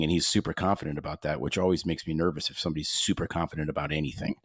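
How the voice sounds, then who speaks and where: A man's voice: low-pitched, fast talker, few pauses, no room sound, clean studio sound. A man hosting a podcast, chatty and joking, asking long, rambling questions. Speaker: podcast host. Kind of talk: casual chat interview.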